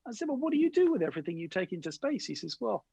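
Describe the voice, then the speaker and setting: Gravelly, husky-voiced storytelling man. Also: sits high, rapid-fire, no echo, rough recording. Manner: lively anecdotes, acting out quoted voices. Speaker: guest innovation speaker. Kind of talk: animated storytelling interview.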